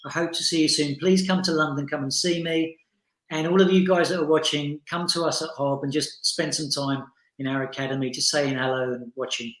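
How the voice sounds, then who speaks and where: A man's voice: fairly high pitch, steady tone, fairly quick, fairly bright tone. A man guest speaking bluntly and frankly over a video call, rallying his listeners in a motivational interview. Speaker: salon owner and educator, interview guest. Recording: roomy echo.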